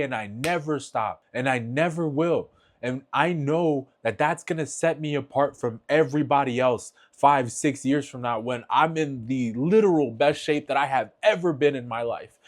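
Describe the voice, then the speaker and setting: A man talking bluntly and earnestly in a motivational vlog, swearing freely and speaking from the heart as he encourages his viewers. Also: medium pitch. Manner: heartfelt, emotional. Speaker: fitness vlogger.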